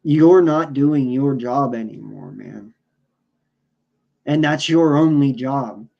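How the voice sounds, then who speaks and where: A man's voice: medium pitch, slow, gravelly, lo-fi sound. A man co-hosting a sports podcast, ranting in a heated, profane, casual way. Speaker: podcast co-host.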